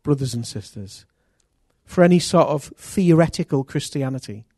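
A man preaching a sermon as pastor, earnest and intimate, with sudden loud rises. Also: on the high side, lively intonation, moderate pace, no room sound, studio quality.

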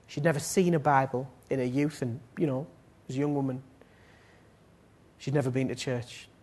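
A man preaching a sermon and leading prayer, swinging between loud pleading appeals and soft, low passages. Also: fairly even intonation, moderate pace.

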